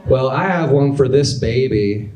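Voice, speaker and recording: A young man in his twenties doing a stand-up comedy set with a dry, deadpan delivery in a club. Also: medium pitch, measured pace, lo-fi sound. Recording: echoey club with audience laughter. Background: crowd laughter.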